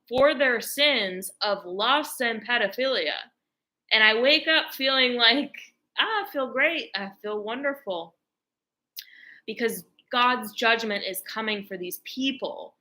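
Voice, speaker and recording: A woman's voice: medium pitch, bright, forceful tone, poor audio. A woman vlogger talking straight to camera in a casual, rambling rant, emphatic and heavy on filler words. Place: lives in Texas, speaking to camera.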